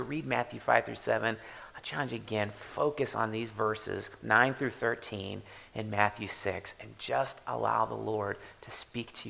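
A man preaching a sermon as pastor, in a conversational, animated way that often repeats and rephrases. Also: mid-range voice, vocal fry.

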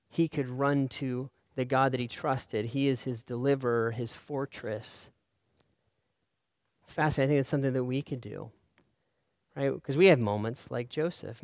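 Male pastor, sermon, earnest, smooth resonant voice, dry close sound. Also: mid-range voice, dry recording. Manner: earnest, often asks "right?" and drops softer on key lines.

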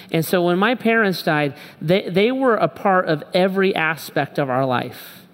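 A middle-aged pastor giving a sermon, speaking candidly and emphatically and repeating short phrases. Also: male voice, fairly high pitch, clean tone. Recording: long reverb from a large hall.

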